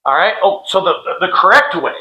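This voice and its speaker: A very noisy recording captures a middle-aged fitness instructor demonstrating an exercise drill through a clip-on mic. He has a high, animated voice, speaks briskly, and keeps things casual and joking while calling out cadence counts.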